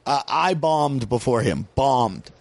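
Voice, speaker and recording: An American man, a stand-up comic, chats on a podcast and spins loose stories full of swearing. His voice sits at a middle pitch. The sound is dry and close, with no room around it. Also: expressive, slow pace, gravelly, dry recording. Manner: storytelling, swearing freely. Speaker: comedian. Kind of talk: casual podcast chat.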